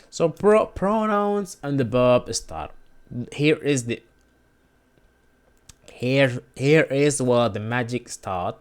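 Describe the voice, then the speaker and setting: A man hosting an informal language lesson, speaking haltingly with frequent restarts and words repeated for drilling. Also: mid-range voice, animated, clean tone.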